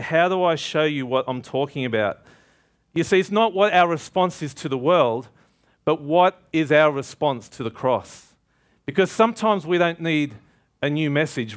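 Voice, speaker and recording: A man preaching a sermon, emphatic and calling out questions to the congregation. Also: fairly high pitch.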